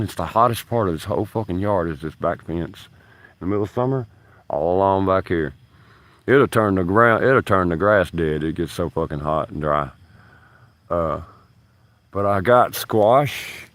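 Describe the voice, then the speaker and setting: Speaking in a low-pitched voice, a man streams live from his backyard, wandering through profane stories with laughter and a drawl. He's a union stagehand, and the phone camera resting nearby records him with no echo.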